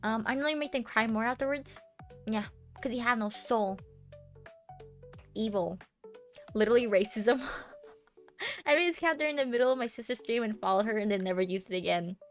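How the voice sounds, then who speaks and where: A woman's voice: fairly high pitch, brisk, pauses often, faint music behind. A young woman streamer chatting casually with her viewers, playful and teasing, giggling often and rambling with lots of fillers.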